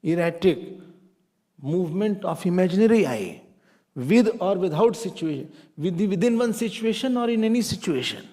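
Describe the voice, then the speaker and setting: A middle-aged man with an Indian accent, teaching a spiritual class in a lively, playful way. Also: high voice, normal speed. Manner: animated, playful, mixes Hindi phrases. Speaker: Vedanta teacher.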